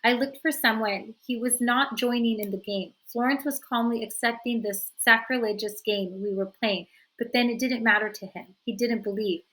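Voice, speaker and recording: A woman teacher reading a novel aloud in a steady narrating voice. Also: on the high side, moderate pace, few pauses, poor audio.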